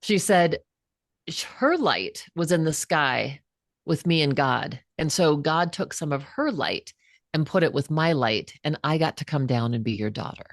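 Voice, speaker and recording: Woman in her fifties, low voice, dry close sound, earnest storyteller, interview guest. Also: expressive, unhurried, no echo. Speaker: guest, psychotherapist and author.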